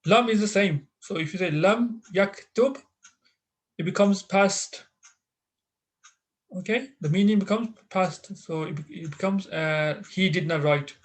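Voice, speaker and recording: A high-pitched man leads an Arabic lesson online via video call, working patiently through grammar points while pausing often, using fillers, and restarting his sentences.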